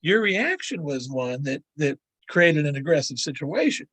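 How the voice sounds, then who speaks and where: Here an older podcast guest shares encounter stories casually, wandering through a long tale, repeating himself and imitating those he quotes. His husky, fairly bright voice sits a little high, swings widely in pitch, and moves at a moderate pace with no echo.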